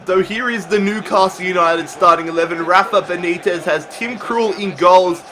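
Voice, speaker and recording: Young male gaming host, high and bright, narrates his match and yells at near misses. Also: normal speed. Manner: swings from calm analysis to shouting at big chances. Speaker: gaming YouTuber. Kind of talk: excited game commentary.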